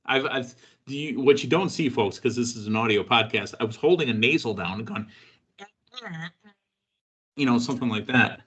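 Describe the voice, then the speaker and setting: A man's voice: medium pitch, normal speed, pauses often, a bit bright, husky. A man hosting a wrestling podcast, talking casually and joking with his co-host. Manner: chatty, joking, with fillers.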